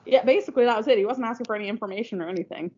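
Woman podcast co-host, casual and giggly, high-ish voice, lo-fi sound. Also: very fast, darkish tone, husky. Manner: chatty, laughs often. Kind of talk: casual chat.

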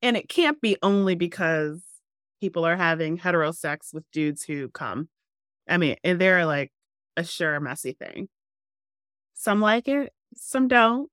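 A woman's voice: fairly low pitch, lively intonation, unhurried, fairly bright tone, clean tone, dry recording. A woman co-hosting a podcast, frank and giggly, thinking aloud in casual chat close to the mic. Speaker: podcast co-host.

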